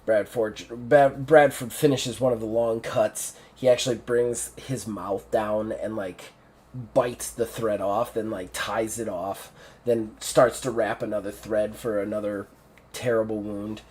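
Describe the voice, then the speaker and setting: A man's voice: lowish voice, steady tone, unhurried, darkish tone. A man narrating a tabletop game as game master, in a casual, loose way. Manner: casual, many fillers and restarts.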